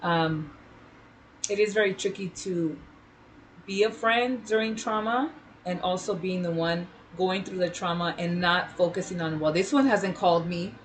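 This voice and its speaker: A woman's voice: lowish voice, moderate pace, a little hiss or hum, poor audio. A woman co-hosting a casual chat, telling her own story with feeling and animation. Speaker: podcast co-host.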